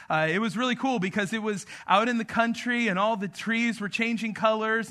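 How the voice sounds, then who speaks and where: A man in his thirties from New Mexico delivers a sermon with a high voice. His tone is bright and forceful, and he preaches in a casual, joking, storytelling way. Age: 30s. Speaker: pastor.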